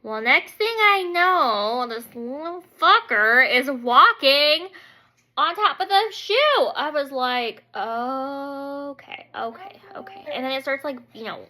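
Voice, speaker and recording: A woman's voice: sits high, expressive, unhurried, pushed and bright. A woman beauty vlogger telling a story in a casual, chatty way, full of "like" fillers and acting out her own reactions.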